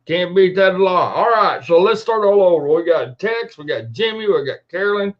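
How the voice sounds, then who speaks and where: A man hosting a casual livestream from home at his computer, greeting viewers by name in a folksy, unhurried way after a day of working cattle. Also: sits high, expressive, lo-fi sound. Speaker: livestream host. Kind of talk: casual live-stream chat.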